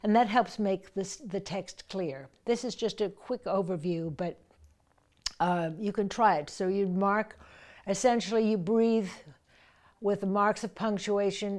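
A woman's voice: medium pitch, a little slow, darkish tone. A woman voice coach explaining how to breathe through verse lines, now and then reading lines aloud with force. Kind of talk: teaching verse speaking with readings.

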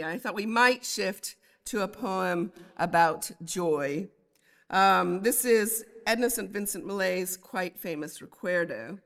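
A woman lecturing on poems and reading them aloud, thoughtful and unhurried, with frequent ums. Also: mid-range voice, fairly bright tone, long reverb tail. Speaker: literature lecturer.

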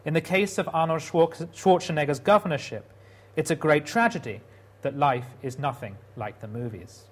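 A man's voice: fairly high pitch, normal speed, background noise. A man giving a prepared public talk, telling stories in a wry way with dry humor.

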